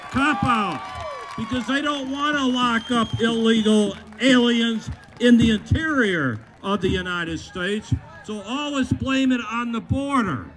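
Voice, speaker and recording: A man from Massachusetts, a sheriff, giving a blunt, joking outdoor rally speech into a microphone, with bursts of shouting. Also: extremely high pitch. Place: outdoors at a state capitol lawn. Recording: outdoor rally with crowd noise.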